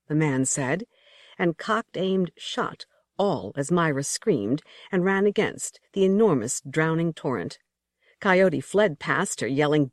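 A woman with a low, warm-toned voice narrating an audiobook story. Her delivery is vivid and rhythmic, with a lively, wide-ranging pitch. The recording is close and dry. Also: takes it slowly, no room sound. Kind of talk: expressive scripted narration.

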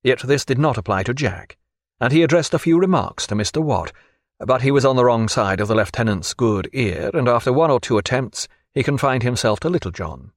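A man narrating an audiobook in an expressive, measured storytelling manner. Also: mid-range voice, dry recording, studio quality.

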